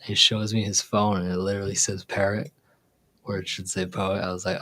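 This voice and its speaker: A man's voice: low-pitched, flat delivery, moderate pace, long pauses, fairly bright tone, husky. A man hosting a casual livestream chat in a laid-back, rambling way. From Virginia, USA. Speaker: livestream host.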